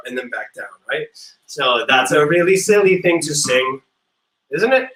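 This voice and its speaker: Man, music teacher, high voice, playful, encouraging, echoey room, faint guitar. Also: lively intonation, normal speed, pushed and bright. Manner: playful, encouraging, sings demonstration notes. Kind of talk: online music class for kids.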